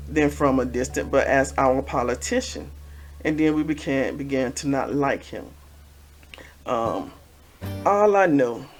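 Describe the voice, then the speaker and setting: A man talking casually to camera, giving repetitive, gently preachy life advice as a vlogger. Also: a little high.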